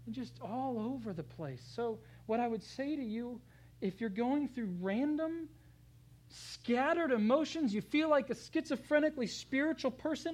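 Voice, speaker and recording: Animated preacher with a mid-range voice. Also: mid-range voice, a little fast, husky, poor audio. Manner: animated, swings between loud emphatic scripture reading and hushed asides; conversational, addresses the congregation directly. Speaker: pastor. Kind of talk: sermon.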